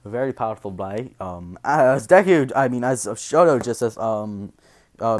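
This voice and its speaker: A man's voice: mid-range voice, expressive, measured pace. A man telling an improvised fan story in a meandering way, full of fillers, restarts and casual swearing. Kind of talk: rambling improvised story narration.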